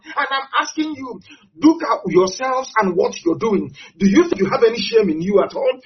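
A man's voice: high voice, very animated, brisk. A man with a Nigerian accent giving an impassioned address, hammering points with repetition and rhetorical questions. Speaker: political speaker. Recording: dull lo-fi audio.

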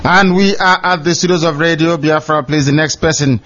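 Male host, brisk, runs a call-in show, muffled lo-fi audio. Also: on the high side, steady tone, a bit bright. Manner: brisk, directing callers. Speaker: radio host. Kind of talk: hosting a call-in radio show. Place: radio studio.

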